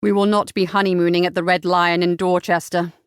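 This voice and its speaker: A woman voicing a steady, protective young English gentleman who speaks low and tersely. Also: brisk, smooth, dry recording, clean studio sound, lightly acted. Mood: calm.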